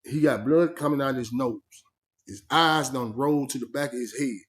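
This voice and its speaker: A man's voice: medium pitch, moderate pace. A man telling a story in casual first person, emphatic and streetwise, often asking "you know what I mean". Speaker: vlogger.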